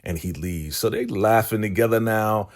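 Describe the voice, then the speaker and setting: Man, very low voice, casual recap host, slips into character voices for quotes. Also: moderate pace. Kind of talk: casual episode recap, acting out dialogue. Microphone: podcast microphone.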